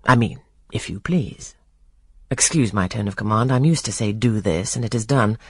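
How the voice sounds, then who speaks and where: A reader voicing a stern, brusque older gentleman in an audiobook of a classic novel, questioning curtly and giving orders. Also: mid-range voice, normal speed, breathy edge, no echo, studio quality. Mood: commanding. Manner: curt, imperious questioning.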